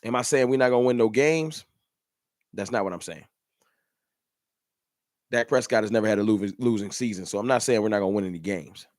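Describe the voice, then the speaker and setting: Dude ranting live on his fan stream, lowish voice, real dry sound, keeps repeating himself. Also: brisk, long pauses, a little mellow, no room sound. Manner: emphatic, repetitive, colloquial slang. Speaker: fan channel host. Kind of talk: livestream rant.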